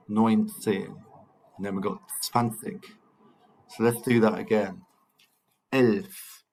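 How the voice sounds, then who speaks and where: A man teaching a recorded German lesson, drilling numbers slowly and patiently with cheerful encouragement to his pupils. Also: on the low side, a little mellow. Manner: slow, patient drilling with repeated counting. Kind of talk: recorded language lesson for children.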